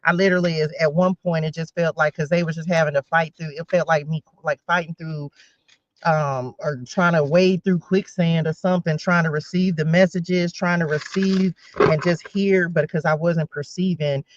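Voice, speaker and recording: A woman's voice: low-pitched, fairly even intonation, normal speed, dull audio. A woman in her forties giving a casual spiritual tarot reading, chatting straight to her viewers with rambling side notes. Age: 40s. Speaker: tarot reader.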